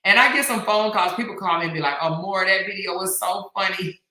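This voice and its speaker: A woman's voice: medium pitch, fairly quick, sharp tone, reverberant. A middle-aged woman hosting a casual live stream, chatty and slangy, reading viewer comments aloud. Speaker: host.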